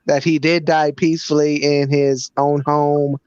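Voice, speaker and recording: A man's voice: fairly high pitch, little pitch movement, unhurried, a little mellow, clear, resonant tone, no echo, dull audio. A man hosting a casual live-stream chat, hesitant and full of fillers. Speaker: host.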